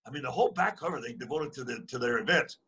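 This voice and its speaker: Husky-voiced man in his eighties. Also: mid-range voice, animated, fast, bright, forceful tone. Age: 80s. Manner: rambling, chuckling storyteller. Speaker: guest. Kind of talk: casual storytelling.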